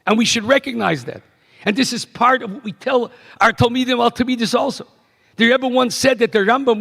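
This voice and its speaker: A middle-aged man, a rabbi giving a keynote address, telling stories in an animated way that swings from hushed to emphatic. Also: very high-pitched, vocal fry. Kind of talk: storytelling speech. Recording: echoey banquet hall PA.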